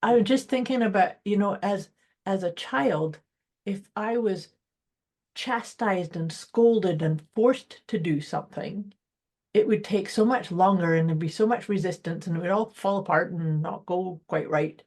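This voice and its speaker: A woman co-hosting a podcast in easy conversation. She speaks in a reflective, encouraging way, often recalling her own experiences. Her pitch is middling. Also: a little slow, darkish tone. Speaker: podcast co-host. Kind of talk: casual chat.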